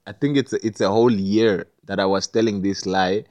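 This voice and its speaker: A man's voice: lowish voice, steady tone, a little fast, a little mellow, no echo. A man telling a personal story in a loose, rambling way, full of fillers and restarts. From not Jamaica. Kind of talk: casual storytelling.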